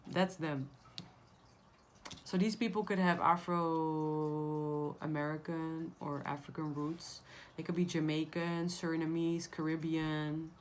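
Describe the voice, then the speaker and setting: A woman's voice: low-pitched, a little hiss or hum. A woman giving a casual tarot reading to her viewers, blunt and emphatic, swearing freely. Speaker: tarot reader.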